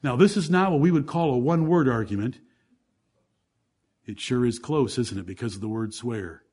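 A man's voice: medium pitch, moderate pace, darkish tone, husky. A man preaching a sermon, teaching through Bible verses one by one in an emphatic way and asking the congregation rhetorical questions.

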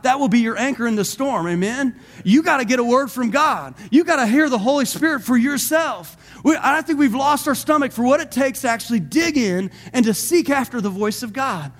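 Male pastor, high voice, emphatic Sunday sermon delivery. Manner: preaching with rising emphatic calls and questions to the congregation.

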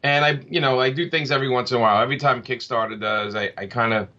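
In a casual interview, a man speaking as a comic book creator rambles with lots of fillers and restarts. His medium-pitched voice is bright and forceful, and he talks fast. The audio is lo-fi and slightly dull.

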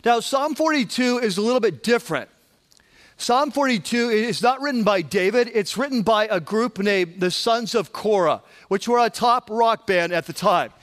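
High-voiced preacher, conversational sermon. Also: male voice, lively intonation, moderate pace, fairly bright tone. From Southern California. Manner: conversational, with frequent restarts and asides to the congregation. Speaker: pastor.

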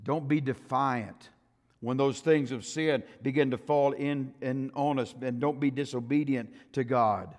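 An older man preaching a sermon in a folksy style, acting out quotes and swinging between loud and soft. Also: mid-range voice, fairly even intonation, measured pace. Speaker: pastor. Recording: long reverb of a church hall.

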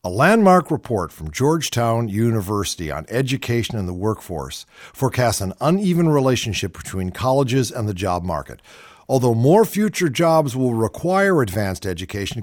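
A man's voice: mid-range voice, very animated, normal speed, no room sound, studio quality. A man delivering an opinionated monologue as a host, with wry, sardonic asides.

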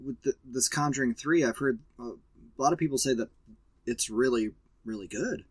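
A man's voice: mid-range voice, normal speed, slightly rough, dry recording. A man co-hosting a casual movie review chat, blunt and profane, ranting emphatically about films he loves and hates. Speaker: podcast co-host.

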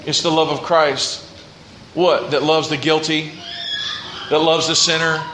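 A man's voice: fairly high pitch, little pitch movement, unhurried, noisy background. A man preaching a sermon as pastor, earnest, with rising and falling intensity. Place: church sanctuary. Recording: echoey church room.

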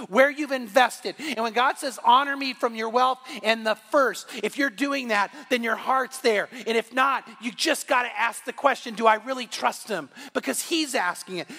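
A middle-aged man preaching from the pulpit with a high, bright, ringing voice. He tells stories with animation and acts out the voices of God and biblical figures. His words carry a long reverb through a church hall. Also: moderate pace, few pauses. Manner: animated storytelling, voicing God and Bible figures. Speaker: pastor. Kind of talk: sermon. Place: church sanctuary.

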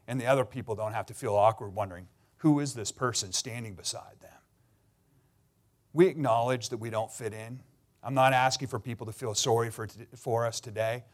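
A middle-aged pastor from Canada giving a sermon, telling personal stories in an earnest, sometimes emotional way. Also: male voice, fairly low pitch.

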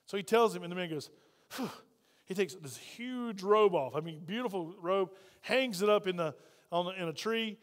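High-voiced preacher in a reverberant hall. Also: male voice, fairly quick. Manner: storytelling preacher, swings between loud and hushed. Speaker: pastor. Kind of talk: sermon with story.

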